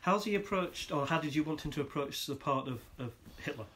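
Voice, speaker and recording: A man's voice: fairly high pitch, a little fast, a crowd in the background. A man hosting a podcast interview, asking questions and giving short supportive replies. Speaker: podcast host. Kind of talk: conversational interview.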